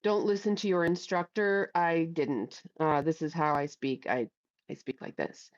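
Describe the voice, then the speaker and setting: In a deep voice with fairly even intonation and a slightly slow pace, a middle-aged woman talks bluntly on a casual livestream, swearing freely and reading out comments from viewers. She uses headphones with a mic, and the highs are cut off.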